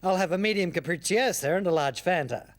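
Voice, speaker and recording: A dry, mocking news anchor. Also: male voice, high voice, animated, a little fast. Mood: wry. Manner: dry, mocking newsreader delivery. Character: smug male news anchor signing off. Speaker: news presenter. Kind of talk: sketch comedy newsreading. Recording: studio audience and background noise.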